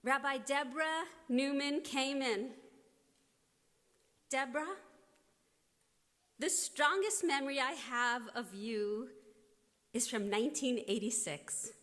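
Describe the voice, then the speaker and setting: A woman rabbi delivers a formal blessing and tribute, her fairly high voice slow and deliberate. She lets whole phrases fall to a near hush. The long reverb of a big hall carries every word. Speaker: rabbi giving an installation tribute.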